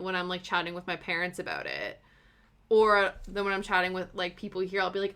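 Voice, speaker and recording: This is a young woman with a British accent worn soft by long years in Canada. She is hosting a relaxed cross-stitch live stream. Her voice is bright and sunny, and her talk is rambling and chatty, full of fillers and quick laughs. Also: medium pitch. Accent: British, softened by long years in Canada. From Britain.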